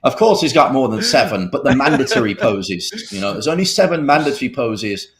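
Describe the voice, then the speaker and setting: A man's voice: medium pitch, lively intonation, fairly quick, a loud crowd. A man in his thirties with a Birmingham accent, doing live poker commentary with jokey, self-mocking banter. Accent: Birmingham English. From England. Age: 30s.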